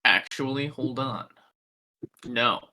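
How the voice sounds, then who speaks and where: A man playing in a tabletop game, talking in a bright, forceful voice at middle pitch as he sorts out what his character does. He is chatty and quick to react. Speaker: player.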